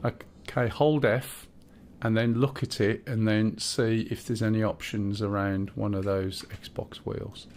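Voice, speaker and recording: A man's voice: lowish voice, flat delivery, a little slow, few pauses, a little mellow, slight background noise. A man streaming a game, chatting casually and talking a teammate through the controls, thinking aloud with fillers as he goes. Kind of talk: casual gameplay chat.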